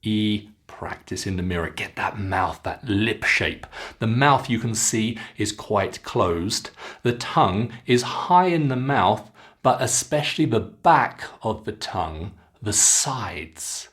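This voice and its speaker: A man with a British English accent teaching pronunciation, modelling sounds slowly and clearly for learners to repeat. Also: on the low side, expressive, fairly bright tone. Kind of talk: scripted pronunciation lesson.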